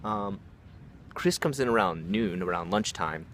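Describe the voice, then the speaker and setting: A man's voice: deep voice, expressive, unhurried, a bit bright, slight background noise. A young man casually telling a story. He swears a lot and fills his talk with "like" and "you know.". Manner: casual, profane, many fillers like "like".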